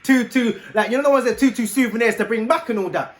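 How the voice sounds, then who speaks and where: A man telling a story to camera in animated, slang-heavy casual chat. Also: very high-pitched, fast. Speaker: vlogger.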